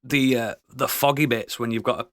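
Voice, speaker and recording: A mid-pitched man co-hosts a podcast, eager and enthusiastic, swearing freely. His voice sounds dry and close to the mic. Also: fairly even intonation, brisk, fairly bright tone, no room sound. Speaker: podcast co-host. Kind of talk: casual chat.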